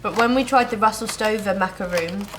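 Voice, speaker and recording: A young British woman co-hosting a casual taste-test chat, bubbly and easily excited. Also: mid-range voice, fairly quick, a little hiss or hum, poor audio. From United Kingdom. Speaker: co-host.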